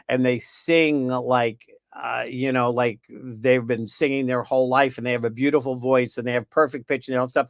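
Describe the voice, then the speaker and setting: A man's voice: mid-range voice, no echo. A man hosting a spiritual panel on a video call, talking in a chatty, meandering way with playful asides, and losing his voice. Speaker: panel host.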